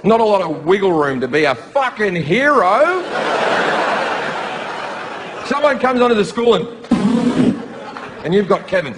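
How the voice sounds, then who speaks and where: A man's voice: high-pitched, expressive, a little slow, pauses often, big-room sound. A man from Australia with an Australian accent, doing a brash, profane, mocking stand-up comedy routine in a theatre. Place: theatre with live audience. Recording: live show, loud crowd noise.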